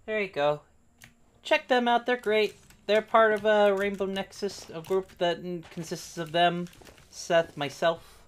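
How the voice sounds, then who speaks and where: A streamer talking casually while playing a game live, at an ordinary middle pitch. The remarks are wry and teasing, with quick asides to a friend. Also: steady tone.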